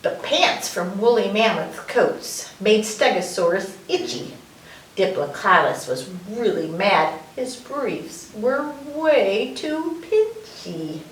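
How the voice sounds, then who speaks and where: A woman's voice: mid-range voice, expressive, slow pace, a little hiss or hum. A woman reading a picture book aloud at a library story time, playful and sing-song. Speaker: children's librarian. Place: library room. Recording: roomy echo, mic far off.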